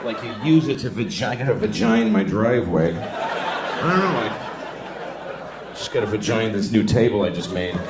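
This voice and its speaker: A man's voice: on the low side, a little fast, noisy background. A man, doing a stand-up comedy set in a wry, crude, conversational way. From Boston, USA. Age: 40s. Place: comedy venue with live audience. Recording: echoey room, loud crowd laughter.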